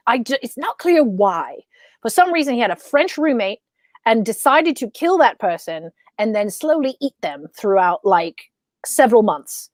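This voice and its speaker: A young woman with a slightly high voice rambles through a story, full of ums and restarts. She sounds close and dry, with no room around her. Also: no room sound. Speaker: podcast co-host. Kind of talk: casual chat.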